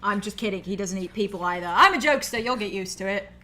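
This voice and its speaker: A woman's voice: medium pitch, quick pace, pushed and bright, a little hiss or hum, natural voice. A woman voicing a big, cheerful young male orc who is a jokester, in a tabletop role-play. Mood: joking. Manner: friendly, joking, upbeat.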